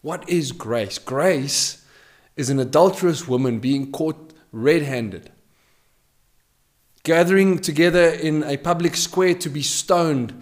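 Emphatic male preacher, loud then hushed. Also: a little high, slow pace. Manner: emphatic, repeats key phrases, swings between loud and hushed. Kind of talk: podcast sermon.

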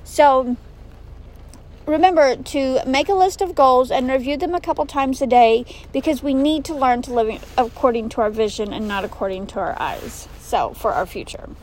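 A woman's voice: high-pitched, normal speed, a little mellow, slight background noise, rough recording. A woman hosting a motivational podcast in a chatty, upbeat way, with plenty of "so" and "um", recorded inside her car. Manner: upbeat, chatty, many fillers like "so" and "um". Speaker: podcast host. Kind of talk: casual motivational pep talk. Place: inside a parked car in the rain.

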